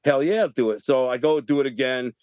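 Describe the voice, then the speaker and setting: Middle-aged man, guest storyteller, animated and rambling, dry, slightly dull mic. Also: medium pitch, a little fast, no echo. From Detroit, Michigan. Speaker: podcast guest. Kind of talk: storytelling interview.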